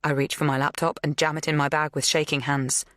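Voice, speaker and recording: A woman narrating an audiobook thriller in a measured, even scripted delivery. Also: low-pitched, no room sound, studio quality.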